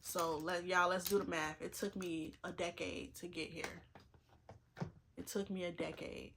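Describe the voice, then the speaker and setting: A woman's voice: lowish voice, fairly even intonation, a little slow, fairly bright tone, slight background noise. A woman in her twenties chatting earnestly to camera while getting ready, repeating herself for emphasis and fighting back tears. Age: 20s. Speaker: vlogger. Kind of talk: casual get-ready-with-me chat.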